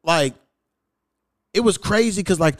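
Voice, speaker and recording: Young male podcast host, a bit high-pitched, profane and animated, dry close sound. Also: a little slow, dry recording. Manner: profane, animated, acts out quoted lines. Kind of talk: casual storytelling chat.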